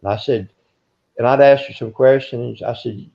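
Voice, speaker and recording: Older male interviewee, gruff rambling storyteller, gravelly voice, muffled lo-fi sound. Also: mid-range voice, normal speed. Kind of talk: casual storytelling. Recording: dull lo-fi recording.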